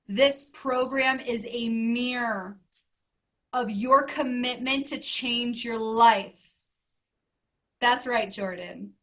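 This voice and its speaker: A woman's voice: fairly high pitch, slow, long pauses, fairly bright tone. A woman life coach giving an emotional motivational talk to her group, earnest and emphatic, asking question after question. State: emotional, close to tears.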